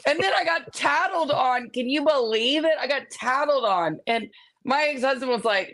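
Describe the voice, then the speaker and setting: A woman's voice: sits high, expressive, normal speed, creaky, a bit bright. Sassy woman telling a story. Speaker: podcast co-host. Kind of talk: storytelling sports banter.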